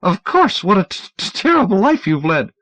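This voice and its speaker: A man's voice: high-pitched, sing-song, moderate pace, a bit bright, no room sound, pitched above the performer's own voice, heavily acted. A man voicing a frantic, stammering man running from gangsters, stuttering on first sounds. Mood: urgent. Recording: dull, dry audiobook recording.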